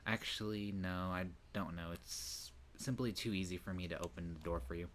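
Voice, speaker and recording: Low-voiced male streamer reading a game's dialogue aloud, breaking off to swear and react, with faint noise behind him. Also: moderate pace, few pauses. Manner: reads dialogue aloud with loud outbursts and swearing.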